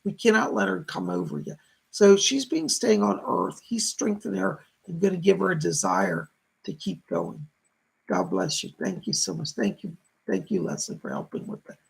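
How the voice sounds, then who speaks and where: A man's voice: sits high, big pitch swings, normal speed, vocal fry, husky. A middle-aged man hosting a live stream of psychic readings, gushing as he thanks viewers by name. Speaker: psychic medium host.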